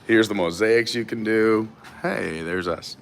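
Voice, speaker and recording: A man's voice: lowish voice, gravelly, fairly bright tone, slight background noise. A man hosting a live stream, chatting casually and greeting viewers while filming on a gimbal. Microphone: gimbal camera.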